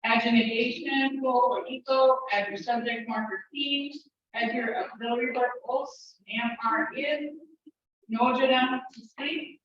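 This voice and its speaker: Casting note: woman language teacher, a bit high, patient, encouraging step-by-step explanations, recorded from far back in a very echoey, muffled classroom. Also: slight background noise. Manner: talks fast when excited. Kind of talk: classroom instruction. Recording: echoey room, distant mic, muffled.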